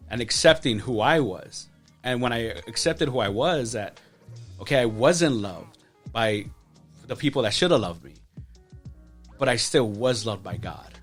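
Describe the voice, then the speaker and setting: Emotional man telling his story. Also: mid-range voice. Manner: emotional, many restarts and "like". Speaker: podcast guest. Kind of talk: personal testimony.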